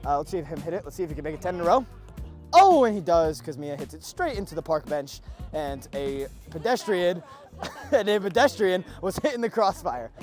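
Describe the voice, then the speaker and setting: A man's voice: a little high, lively intonation, brisk, darkish tone, faint music behind. Joking young man calling the play. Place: outdoor park court.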